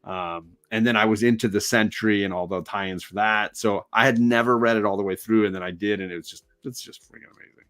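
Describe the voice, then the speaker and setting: A man guesting on a casual live-stream podcast, with a fairly low voice. He talks fast and cuts himself off with stammered restarts. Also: steady tone, fairly bright tone. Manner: quick and self-interrupting, stammers in restarts.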